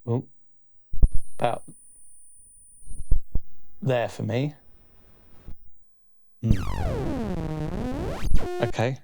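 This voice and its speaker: A man's voice: mid-range voice, very slow, gravelly, long pauses, soft background music. Guy casually talking thru his diy synth build, kinda hesitant, faint synth noise in the back. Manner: relaxed, tentative, thinks aloud with ums. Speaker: electronics video host. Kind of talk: casual hands-on explanation. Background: synth tones playing.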